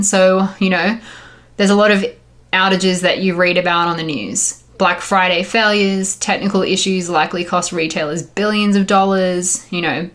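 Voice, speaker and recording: A woman's voice: medium pitch, a bit bright. Upbeat Australian woman giving a tech talk. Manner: upbeat and chatty, with frequent fillers. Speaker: site reliability engineer giving a conference talk. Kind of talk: conference presentation.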